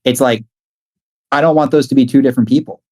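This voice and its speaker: This is a man talking as a guest on a podcast in loose, casual conversation. He rambles through his stories, stacking up filler words and dropping frequent curses. His voice sits at an ordinary, mid-range pitch for a man. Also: fast, a little mellow. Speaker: guest music producer and artist.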